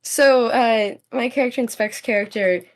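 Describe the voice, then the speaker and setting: Woman gamer giggling and cussing, voice a bit high. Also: moderate pace. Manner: giggly, swears casually. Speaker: tabletop player. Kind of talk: casual chat between players.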